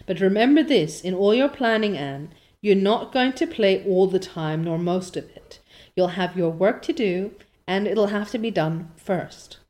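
A woman's voice: mid-range voice, expressive, a little slow, darkish tone, lightly acted. A woman reading aloud as a strict older spinster guardian who talks in a clipped, scolding way. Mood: stern.

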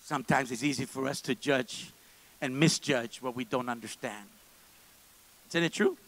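A man preaching a sermon in a church service, moving between quiet, low asides and loud, fervent stretches. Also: normal speed, low-quality recording. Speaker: pastor.

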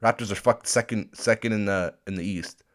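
Deep-voiced profane guy ranting. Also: fairly even intonation, brisk. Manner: profane, rambling, with restarts. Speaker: podcast host. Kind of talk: unscripted solo rant. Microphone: phone.

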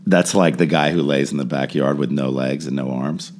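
A man's voice: a bass voice, fairly even intonation, moderate pace, darkish tone, a little hiss or hum. A man joking around in a casual chat with friends, wry and teasing.

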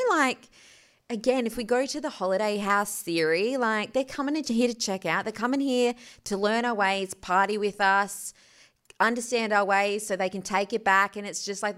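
A woman's voice: medium pitch, fairly bright tone. A woman co-hosting a podcast, chatting casually with playful, wry jokes. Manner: joking, playful, wry asides. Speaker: podcast co-host. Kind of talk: casual chat.

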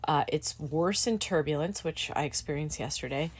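A woman's voice: low voice, normal speed, breathy edge. A middle-aged woman and student pilot in casual chat, candid and emotional, with plenty of fillers like "like" and "dude.".

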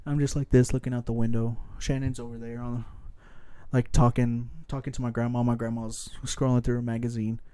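A man's voice: medium pitch, level tone, a little fast, dark tone, smooth, no room sound. A young man in casual podcast chat, telling rambling stories with swearing and frequent laughs. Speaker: podcast co-host.

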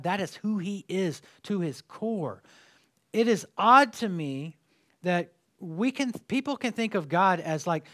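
A man preaching a sermon to a congregation, conversational and jokey, telling stories with lively energy. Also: sits high. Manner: conversational, jokey, animated storytelling. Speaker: pastor. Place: church sanctuary with congregation.

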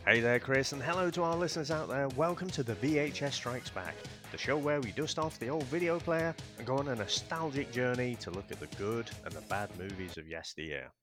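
A man co-hosting a casual movie podcast, excitable and swearing, often restarting his sentences. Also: mid-range voice, a little fast, few pauses, over music. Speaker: podcast co-host. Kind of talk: casual chat.

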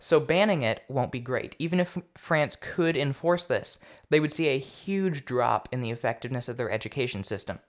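With lively intonation and a moderate pace, this medium-pitched young man barely pauses as he hosts his solo political podcast. He sounds casual and sarcastic, tripping over foreign names along the way.

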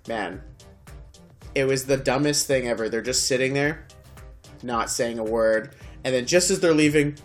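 Animated young man retelling a movie. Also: mid-range voice, normal speed, long pauses, soft background music. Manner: animated, swearing, acts out scenes. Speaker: podcast co-host. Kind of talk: casual chat.

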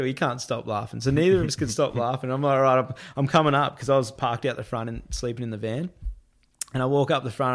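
A man casually telling a long anecdote on a podcast. He laughs often and acts out the other people in a higher voice, with many "I'm like" asides.

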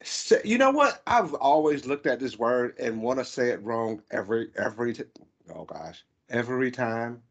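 A man's voice: medium pitch, very animated, normal speed. A man with a Southern US accent, co-hosting a casual car podcast and rambling with playful teasing. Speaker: podcast co-host. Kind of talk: casual chat. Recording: dull lo-fi sound.

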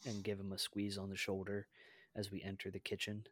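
A man playing a tabletop game, speaking formally and deliberately in character. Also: low-pitched, monotone, a bit bright, no echo. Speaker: player.

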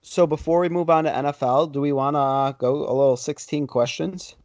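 A man's voice: fairly high pitch, fairly even intonation, brisk, a little mellow, no echo. A man co-hosting a casual sports podcast, easygoing as he steers the talk between topics. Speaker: podcast co-host.

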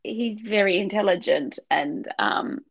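A middle-aged woman, chatting on a podcast in a heartfelt, meandering way with frequent restarts. Her voice has a gravelly, fry-touched edge. The sound is close and dry, with little room echo. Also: mid-range voice, unhurried, lo-fi sound. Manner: tearful, heartfelt, rambling with restarts. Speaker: podcast co-host. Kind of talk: casual faith podcast chat.

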